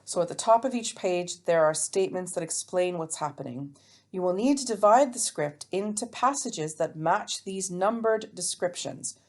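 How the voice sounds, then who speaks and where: Woman teacher, recorded solo lesson, lowish voice, friendly and explanatory. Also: lively intonation, normal speed. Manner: chatty, explains step by step, self-mocking. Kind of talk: remote English lesson. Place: alone, recording for students at home.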